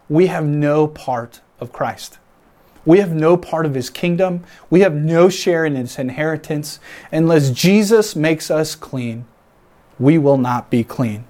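An earnest man preaches a sermon with a voice pitched a little higher than most. He talks reflectively, picturing himself inside the scene he describes. He builds emphasis by repeating phrases again and again. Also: darkish tone. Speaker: pastor.

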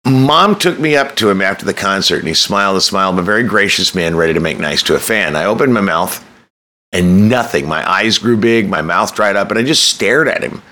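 A man's voice: deep voice, lively intonation, fairly quick, sharp tone. A man telling a candid, self-mocking personal story, swearing freely and breaking into sudden emphatic bursts.

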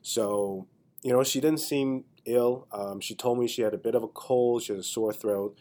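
A man's voice: mid-range voice, steady tone, moderate pace, dark tone. A man hosting his own podcast, telling a casual, chatty story while congested from a cold. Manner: chatty, loose, with frequent "you know" asides. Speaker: podcast host and stand-up comedian.

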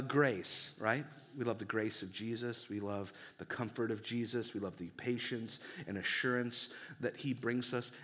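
A young man preaching a sermon as pastor, earnest and conversational, with casual fillers between points. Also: on the high side.

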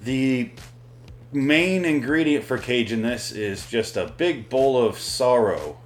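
A man's voice: mid-range voice, lively intonation, slow, faint music behind. A man hosting a podcast, rambling and swearing as he casually reviews a movie. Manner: rambling, profane, joking. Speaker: podcast host.

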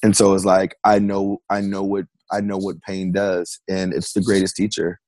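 Excited guy talkin slang in an interview, laughs a lot, dry sound. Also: low-pitched, moderate pace, no echo. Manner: animated, slangy, laughs often. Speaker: musician guest. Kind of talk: casual interview chat.

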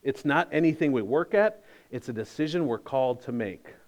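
A man's voice: mid-range voice, expressive, normal speed. A man preaching with wry emphasis. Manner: conversational, emphatic, wry humor. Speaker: pastor. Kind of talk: sermon.

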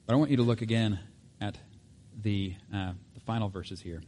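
A man's voice: fairly low pitch, moderate pace, dark tone. A man preaching a sermon in a casual, conversational way, with asides and self-corrections. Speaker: pastor.

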